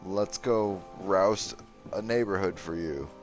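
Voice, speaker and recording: A man's voice: low voice, takes it slowly, faint music behind. A man streaming a video game, joking and riffing playfully over the dialogue. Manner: playful, riffing, doing silly voices. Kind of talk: joking let's play commentary.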